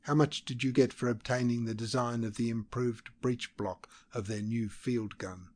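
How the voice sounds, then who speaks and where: A man's voice: mid-range voice, steady tone, normal speed, natural voice. A man putting on a sneering young diplomat. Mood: mocking. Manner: sharp, sneering, contemptuous. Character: mocking, condescending young male diplomat.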